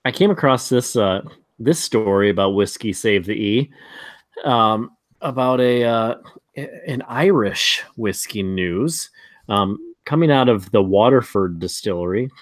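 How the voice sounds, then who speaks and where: A man's voice: lowish voice, expressive, measured pace, dry recording. A man co-hosting a casual podcast, blunt and stammering with restarts. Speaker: podcast co-host, a father. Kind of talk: casual chat.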